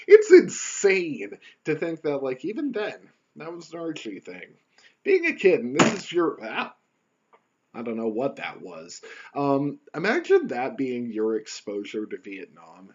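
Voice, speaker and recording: A man rambling wryly through a casual solo podcast from his computer at home. His pitch is lively and animated, rising and falling a lot. The sound is dull and lo-fi. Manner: rambling, wry and joking. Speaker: podcast host.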